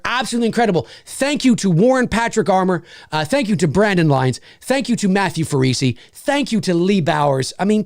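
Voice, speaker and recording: A man's voice: sits high, dry recording, studio quality. A man hosting a livestream, reading out donations and thanking backers, with lots of swearing and stumbling restarts. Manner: swings between shouting and mumbling, swears a lot. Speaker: livestream host. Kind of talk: excited live donation readout.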